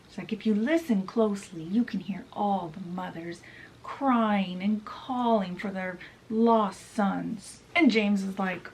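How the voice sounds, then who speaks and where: A woman's voice: mid-range voice, slow pace, a little hiss or hum, low-quality recording. A woman hosting a book channel, summarizing a novel in a chatty retelling style full of casual asides.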